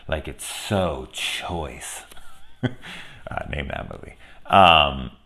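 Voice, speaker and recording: A man with a very low voice talks through a film review in a loose, rambling way. He swears freely, gets heated, and laughs between points. It sounds like an off-the-cuff spoiler chat. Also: very slow, pushed and bright. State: angry.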